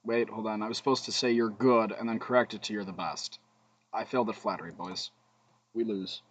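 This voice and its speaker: A man's voice: on the low side, fast talker, a bit bright, low-quality recording. A man streaming a card game, thinking aloud between plays, humming and muttering, with joking asides to his chat. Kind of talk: casual gameplay commentary.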